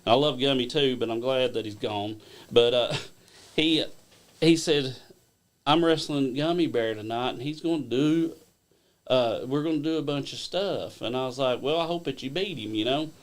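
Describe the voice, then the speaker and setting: A man, a wrestling promotion owner and guest, telling stories in a casual, animated way and laughing along. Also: medium pitch, normal speed. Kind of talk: casual storytelling on a live stream.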